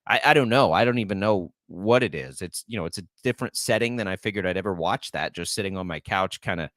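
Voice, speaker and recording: A man's voice: sits low, fast, a bit bright, no echo. A man in his forties co-hosting a sports radio show, chatting casually, rambling and heartfelt, with many restarts, into a studio microphone.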